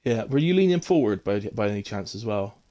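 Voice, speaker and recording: A man's voice: fairly low pitch, animated, a little fast, warm tone, muffled recording. A man hosting a casual post-race chat on his live stream, chatty and teasing, with lots of fillers. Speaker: streamer hosting a sim racing league.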